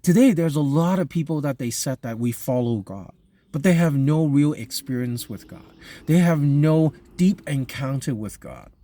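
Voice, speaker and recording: A man preaching a sermon. He reads scripture aloud, then explains it in a halting, conversational way with many fillers and restarts. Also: a little high, animated, mellow. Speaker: pastor.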